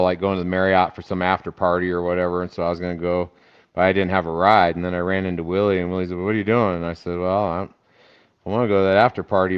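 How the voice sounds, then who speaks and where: A man with a very low, smooth, resonant voice tells a story casually. He acts out the people in his anecdote as he goes. The recording sounds a little dull and lo-fi. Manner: animated anecdote teller who acts out quoted voices. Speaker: podcast guest, festival founder.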